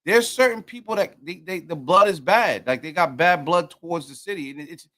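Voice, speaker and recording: A man from New York with a notably high speaking voice rambles through casual sports talk. He is loose and profane, breaking into laughter between points. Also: fairly quick, sharp tone. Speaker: podcast co-host. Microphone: headset or desk mic, streamed call.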